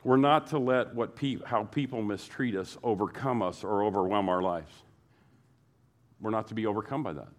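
A man's voice: lowish voice, moderate pace. A man preaching a sermon to his congregation, repeating phrases and building emphasis as he goes. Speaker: pastor.

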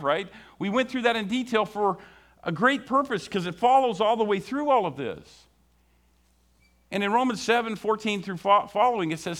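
High-voiced preaching man, questioning. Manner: asks the congregation frequent questions; reads scripture slowly, drops low and soft to stress points. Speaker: pastor. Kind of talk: sermon.

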